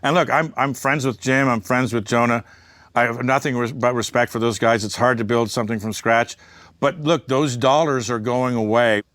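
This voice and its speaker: A man's voice: medium pitch, fairly even intonation, normal speed, a bit bright, no room sound. A man giving a candid interview, talking bluntly and emphatically, swearing freely and wandering into asides. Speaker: media entrepreneur and interview guest.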